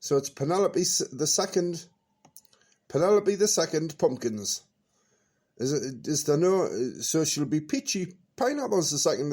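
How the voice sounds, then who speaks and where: A man's voice: fairly high pitch, very animated, normal speed, darkish tone, breathy edge. A man hosting a comic radio show, teasing his guest playfully and laughing along.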